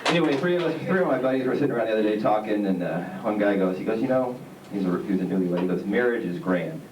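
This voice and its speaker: Brief: low-voiced male stand-up comic, halting delivery, recorded far off in an echoey theater. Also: lively intonation, background noise. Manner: rambling, halting delivery with many "uh"s. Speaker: stand-up comedian. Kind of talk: stand-up comedy set. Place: theater stage. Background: audience laughter.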